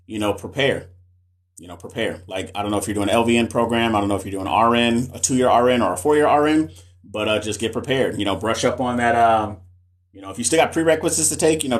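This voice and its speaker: A man who is a nurse educator, chatting casually with viewers on a live stream, loose and slangy, often repeating himself. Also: medium pitch. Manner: loose, slangy, repeats phrases, talks straight to chat. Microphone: phone or webcam for a live stream.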